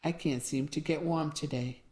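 A woman's voice: sits low, fairly even intonation, normal speed, mellow, close to an everyday voice. A woman voicing an elderly female guest who speaks in a wavering, polite, apologetic voice.

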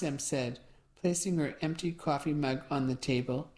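A woman narrating a first-person mystery audiobook in a steady, measured voice. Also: deep voice.

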